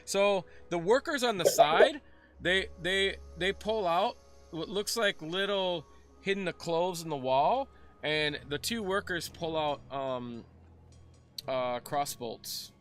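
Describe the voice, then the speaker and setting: Halting young man running a tabletop game. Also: high-pitched, lively intonation, fairly bright tone, soft background music. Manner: halting, many fillers and restarts. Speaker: game master.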